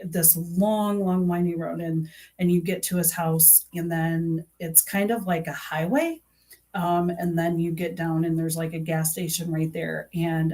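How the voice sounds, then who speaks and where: A woman's voice: on the low side, a little mellow. A middle-aged woman making a true crime vlog, talking casually to camera in a rambling, earnest way, full of fillers and restarts. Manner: earnest and aggrieved.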